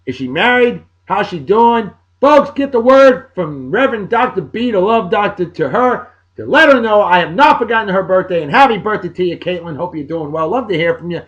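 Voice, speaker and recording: Middle-aged new guy doing shout-outs, big swoopy voice, kinda muffled lo-fi recording. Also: high voice, animated, brisk, hardly any pauses. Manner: exuberant, folksy catchphrases. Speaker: podcast host giving birthday shout-outs. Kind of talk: casual chat.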